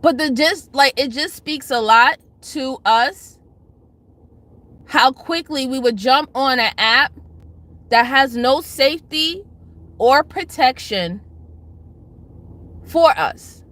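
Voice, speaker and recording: A woman hosting a casual livestream, her voice high and bright. She shouts out chatters by name, then lectures and pleads with her viewers, hammering the same points again and again. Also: slow, no room sound. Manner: emphatic, repeats herself. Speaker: livestream host.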